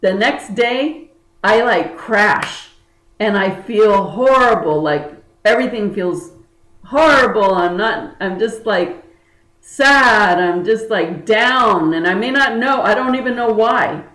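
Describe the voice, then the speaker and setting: A woman's voice: mid-range voice, lively intonation, takes it slowly, fairly bright tone, roomy sound, rough recording. A woman energy healer talking to her viewers in a casual spiritual chat, earnest and chatty, with many fillers and restarts. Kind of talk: casual spiritual talk to camera.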